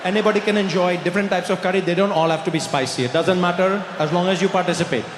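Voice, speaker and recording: A man performing a stand-up comedy set, telling his story in an animated way on a live stage. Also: high-pitched, quick pace. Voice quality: animated storytelling, swings between voices. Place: large live comedy venue. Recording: roomy hall, live crowd noise.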